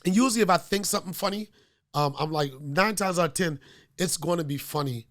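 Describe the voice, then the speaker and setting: Raspy-edged comedian host, loose and profane. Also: male voice, a little high, brisk, a bit bright. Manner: loose, profane, storytelling with lots of fillers. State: getting over a cold. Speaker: podcast host. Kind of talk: casual comedic podcast chat.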